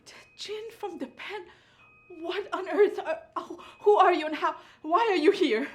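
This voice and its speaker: A woman's voice: very high-pitched, measured pace, a little hiss or hum. An actress playing an immigrant woman in a film drama, emotional and stammering when flustered. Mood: bewildered. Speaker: immigrant woman locked in her basement.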